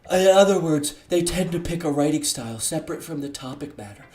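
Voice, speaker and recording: Casting: timid bookish teen girl, a man doing her, low and hushed, roomy sound. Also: animated, fairly quick, close to an everyday voice. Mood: earnest.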